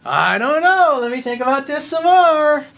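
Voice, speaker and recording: A man voicing an anxious young man who overthinks and can't decide, in a whiny, fretful, high-pitched voice. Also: sing-song, moderate pace, gravelly, fairly bright tone, heavily acted.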